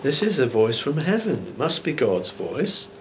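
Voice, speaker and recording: A man's voice: medium pitch, sing-song, moderate pace, fairly bright tone, slight background noise. Man giving a chatty Bible teaching. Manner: conversational and musing, with rhetorical asides. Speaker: bishop preaching. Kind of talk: informal Bible teaching sermon. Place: church.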